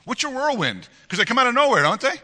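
Lively, bright-voiced preacher in a reverberant church. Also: male voice, extremely high pitch, fast talker. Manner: animated, conversational preaching with frequent laughter and repeated words. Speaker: pastor. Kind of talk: sermon. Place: church sanctuary. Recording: long reverb of a church hall.

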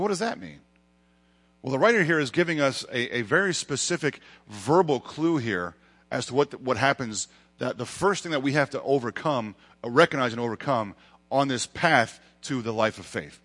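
A man's voice: mid-range voice, fairly bright tone. A male pastor preaching a sermon, with emphatic rises and dramatic retellings of scripture. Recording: long hall reverb.

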